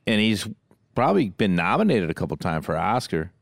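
Animated, profane male storyteller. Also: low-pitched, a little fast, vocal fry, no echo, studio quality. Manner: profane, animated, laughs a lot. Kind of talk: casual comedic storytelling.

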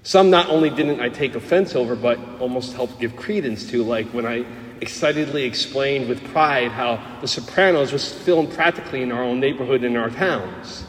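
A middle-aged Catholic priest with a New Jersey accent, preaching a homily in a frank, lively storytelling way with touches of humor. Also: male voice, mid-range voice, normal speed. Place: church. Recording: echoey church hall, faint ambient noise.

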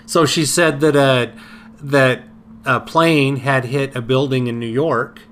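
Man, podcast co-host, bright tone, halting storytelling, slight hiss behind. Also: medium pitch, fairly even intonation. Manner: halting, many fillers and restarts. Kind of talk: casual conversational storytelling.

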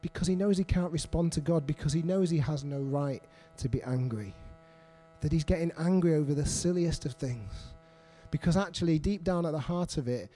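A man's voice: fairly high pitch, moderate pace, dark tone, soft background music. A middle-aged man preaching a sermon, earnest and repetitive, putting questions to the congregation.

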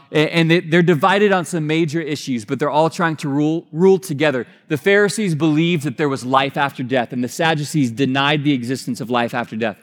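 A man pastor preaching a sermon, earnest and emphatic, rising in pitch when he presses a point. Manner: fast-paced delivery. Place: church sanctuary. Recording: long reverb of a large hall.

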